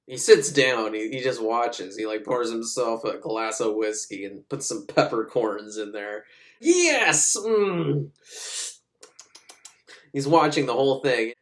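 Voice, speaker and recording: A man's voice: medium pitch, fairly even intonation. A man sarcastically recapping a film in casual talk, swearing and jumping into voices of the characters. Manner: sarcastic, swearing, acts out lines in quick put-on voices. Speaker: movie recapper.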